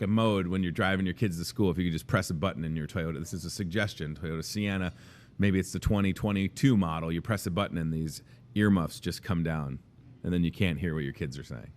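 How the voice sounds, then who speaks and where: A man's voice: low voice, fairly quick. A man in his thirties hosting a casual show from a grocery store café, jokey and rambling. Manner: jokey, rambling, self-deprecating. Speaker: host. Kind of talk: casual chat.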